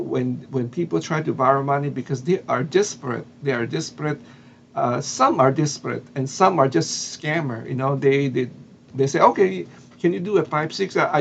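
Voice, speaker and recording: A man's voice: medium pitch, creaky, lo-fi sound, a little hiss or hum. A man from the Philippines with a Filipino accent, telling a story casually with lots of fillers and restarts. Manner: hesitant, many fillers and restarts. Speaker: vlogger.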